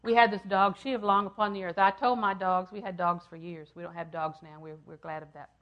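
Older female preacher with a slightly low voice, repetitive and emphatic, dropping to a hush. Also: fairly even intonation, fairly quick, lo-fi sound. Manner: repeats phrases for emphasis, swings from loud to hushed. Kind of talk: sermon.

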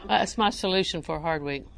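A woman preacher, delivering a sermon with animated emphasis that rises to near-shouting. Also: medium pitch, gravelly.

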